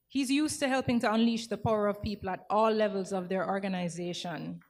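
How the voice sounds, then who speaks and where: Woman formally introducing a speaker. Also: medium pitch. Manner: measured, reading a prepared bio. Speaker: event emcee introducing the speaker. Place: hotel conference room.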